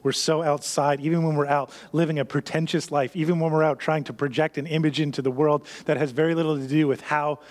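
A man preaching a sermon as a pastor, emphatic and repetitive, sometimes sinking to a hushed near-whisper. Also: on the high side, level tone, fast talker, hardly any pauses. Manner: emphatic, repeats key phrases, drops to a hushed near-whisper.

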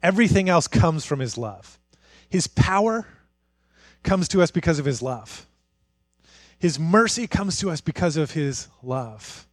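A man preaching a sermon as pastor, moving from hushed, intimate passages to fired-up, rising declarations. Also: a little high, animated, measured pace, pauses often, no room sound, studio quality. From Canada.

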